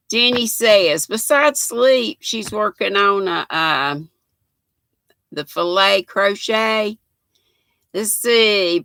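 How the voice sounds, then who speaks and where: Older North Carolina woman, Southern accent, livestream host; bright and gravelly, folksy. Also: mid-range voice, expressive, slow pace, no echo. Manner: chatty, folksy, greets viewers by name. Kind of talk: casual livestream chat reading comments.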